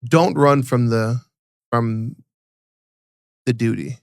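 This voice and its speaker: A man co-hosting a casual podcast, telling stories animatedly and acting out quotes in a higher voice, often repeating and restarting words. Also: slow pace, gravelly, clean tone, no room sound, clean studio sound. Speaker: podcast co-host.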